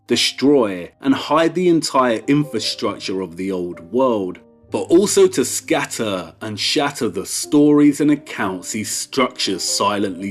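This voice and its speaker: A man giving slow, deliberate scripted documentary narration with strong emphasis, over soft background music. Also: medium pitch. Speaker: video essay narrator. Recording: soft music bed behind.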